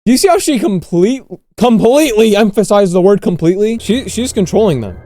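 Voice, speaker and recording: An excitable gaming streamer who shouts out his reactions while playing a horror game for the first time. His voice sits a little high with a mellow tone, and faint music plays behind him. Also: fairly quick.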